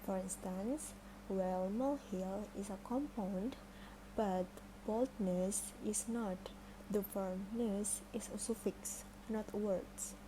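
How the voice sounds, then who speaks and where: A young woman with an Indonesian accent slowly and carefully reading a student presentation. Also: medium pitch, noisy background. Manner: slow careful reading of examples.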